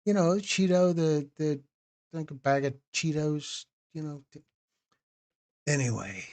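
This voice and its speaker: A man's voice: fairly high pitch, measured pace, a little mellow. A man hosting a live stream, chatting casually with viewers by name and often restarting his phrases. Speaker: documentary host answering live chat.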